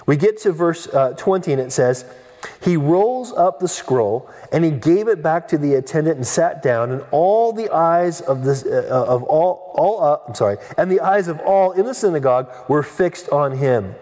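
A man's voice: on the high side, animated, moderate pace, dark tone. A male pastor preaching an expository sermon, earnest, stumbling through frequent restarts and leaning on emphatic rhetorical questions. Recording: long reverb of a large hall.

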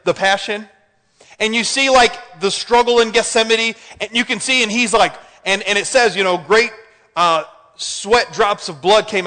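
A man preaching a sermon in an animated way, often asking the congregation questions. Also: sits high. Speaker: pastor. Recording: hall reverb.

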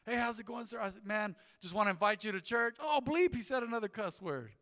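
A middle-aged male pastor delivers a sermon in a high, bright voice, moving between quiet asides and animated punchlines. His voice rings out with a long reverb through the church hall. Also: fast. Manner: animated storytelling with rising emphasis. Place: church sanctuary.

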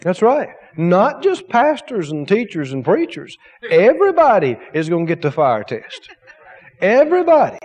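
A man's voice: fairly high pitch, big pitch swings, moderate pace, hardly any pauses, darkish tone, in a large hall. A man preaching a sermon as pastor, emphatic, with repetition and rhetorical questions.

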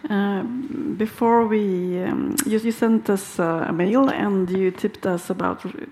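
A woman speaking hesitantly as a panel participant, halting often as she thinks aloud. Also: mid-range voice, fairly even intonation, mellow. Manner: halting, many fillers and restarts. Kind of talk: hesitant conversational remarks.

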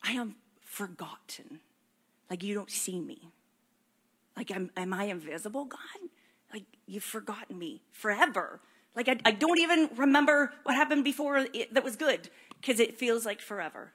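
A woman's voice: a little high, expressive, normal speed, a bit bright, breathy edge. A woman preaching a sermon in a casual, earnest way, reading scripture aloud and talking it through with many fillers.

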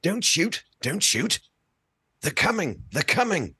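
A man's voice: very high voice, animated, moderate pace, vocal fry, pushed and bright, husky, dry recording, studio quality, pitched above the performer's own voice, full character voice. A man voicing a panicked, wounded male Imperial officer who stammers his pleas. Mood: pleading.

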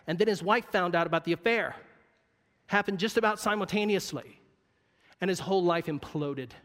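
A man with a high voice delivers a sermon in a big hall whose sound rings on long after each phrase. He tells a personal story the way he would chat, with wry asides, and sinks to a hushed voice to land his points. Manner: conversational, wry storyteller with sudden quiet drops for emphasis. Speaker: preacher.

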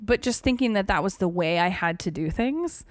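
A woman's voice: mid-range voice, animated, moderate pace, no echo. A young adult woman co-hosting a podcast, chatting in a rambling, casual way with plenty of fillers. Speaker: podcast co-host. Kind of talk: casual chat.

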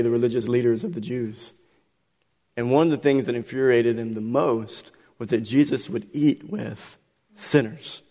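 A man preaching a sermon, building to loud, emphatic peaks and repeating words as he presses a point. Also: mid-range voice. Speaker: pastor. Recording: long hall reverb.

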